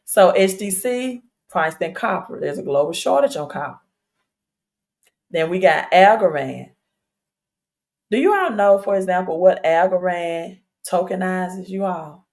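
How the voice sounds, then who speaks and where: A woman's voice: lowish voice, lively intonation, a little slow, a little mellow. A woman hosting a casual livestream, talking straight to her viewers in a chatty, insistent way with fillers and repeated questions. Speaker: crypto livestream host. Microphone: streaming setup.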